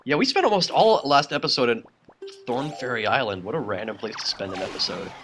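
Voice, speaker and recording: A man commenting casually on gameplay, his pitch leaping around animatedly as he rambles and laughs. His tone is bright and forward, with faint game music playing underneath. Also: a little fast, poor audio. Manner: excitable, laughs often, rambling. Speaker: let's play host.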